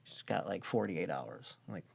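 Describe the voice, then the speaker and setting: A man with a low, gravelly voice tells a personal story as a podcast guest. He speaks earnestly and often drops to a hush. He livens up when he quotes other people. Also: lively intonation, moderate pace. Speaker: podcast guest, gym owner.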